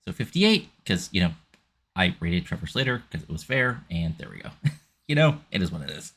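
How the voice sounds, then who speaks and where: Husky low-voiced man rambling about a game. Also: big pitch swings, normal speed, a bit bright. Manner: rambling, many fillers. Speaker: gamer narrating a wrestling sim. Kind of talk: casual game commentary.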